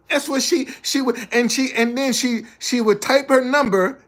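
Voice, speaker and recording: A man's voice: extremely high pitch, fairly even intonation, normal speed, few pauses, a bit bright. A man giving a motivational talk indoors in a preachy way, repeating his key lines for emphasis. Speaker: motivational speaker. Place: indoors, a hot room.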